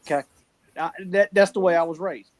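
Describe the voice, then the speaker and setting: A man with a thick Southern US accent talks bluntly and folksily in a casual podcast chat. His voice sits high for a man. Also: brisk, poor audio. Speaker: guest on fan podcast.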